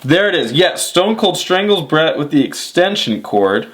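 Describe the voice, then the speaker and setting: Relaxed man recapping casually. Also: fairly high pitch, unhurried. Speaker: podcast co-host. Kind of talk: casual chat.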